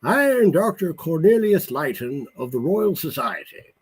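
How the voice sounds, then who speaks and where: A man reading his novel aloud, voicing a wary, irritable older English scholar in a put-on English accent with a husky tone. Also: a little high, big pitch swings, measured pace, pitched above the performer's own voice, full character voice. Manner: wary, irritable, clipped speech. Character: sharp, eccentric older English male scholar.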